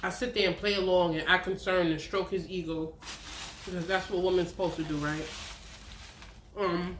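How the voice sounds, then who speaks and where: A woman's voice: fairly low pitch, steady tone, normal speed, slight background noise. A woman, telling a candid, profane personal story on her vlog. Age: 30s. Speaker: vlogger. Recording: roomy echo.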